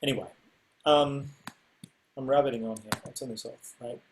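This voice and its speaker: A man's voice: medium pitch, steady tone, moderate pace, rough recording. A man giving an online music lesson, talking casually and explaining rhythms by singing them out, over a video call mic. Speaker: music teacher.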